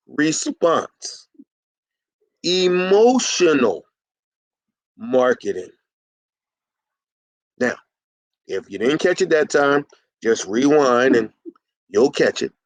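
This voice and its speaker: A man's voice: mid-range voice, expressive, moderate pace, dry recording, rough recording. A middle-aged man consulting for carpet cleaners, talking in a folksy coaching style and sometimes acting out both sides of a conversation. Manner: folksy, plays both sides of an imagined dialogue.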